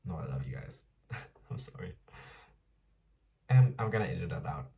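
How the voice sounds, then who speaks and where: Gravelly low-voiced young man rambling. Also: a little mellow, distant mic, a little hiss or hum. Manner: chatty, rambling, self-deprecating, swears playfully. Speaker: vlogger. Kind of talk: casual diary vlog while doing makeup.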